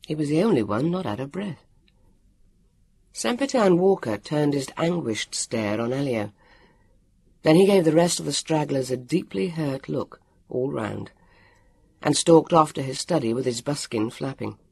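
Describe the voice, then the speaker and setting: A man reading a storybook aloud, with a lively, expressive delivery and acted voices. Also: a little high, a little slow, gravelly, husky, dry recording. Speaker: audiobook narrator. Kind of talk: storybook narration.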